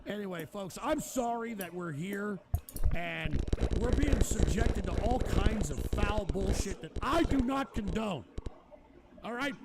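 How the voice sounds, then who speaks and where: A man's voice: high voice, creaky. A man hosting a live stream, exasperated and profane, swearing constantly while drinking whisky. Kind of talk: casual livestream rant. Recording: loud background noise.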